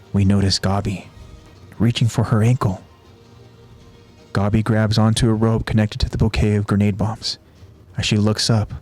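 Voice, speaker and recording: A man who hosts a podcast, retelling an anime episode scene by scene in a steady, descriptive way. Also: lowish voice. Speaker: podcast host.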